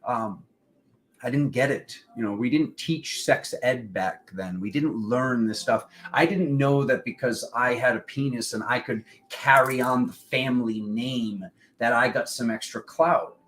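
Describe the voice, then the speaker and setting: A man hosting a spiritual livestream, telling a personal story in a rambling, animated way and acting out the voices of the people in it. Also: mid-range voice, unhurried. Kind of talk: casual storytelling monologue. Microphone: livestream setup.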